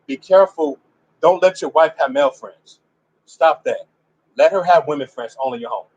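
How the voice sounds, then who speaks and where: Husky, high-pitched man as a Bible teacher; halting read-aloud with chatty asides. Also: darkish tone, lo-fi sound. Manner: reads aloud haltingly, stopping for informal asides. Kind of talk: scripture reading with commentary.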